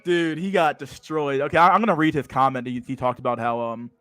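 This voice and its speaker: A young man hosting a casual livestream at a middle pitch. He talks in a profane, slangy way and keeps restarting his sentences. Faint music plays behind him. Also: steady tone, a little fast, hardly any pauses, fairly bright tone, no room sound. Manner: profane and slangy, lots of "dude" and "bro", many restarts. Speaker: livestream host.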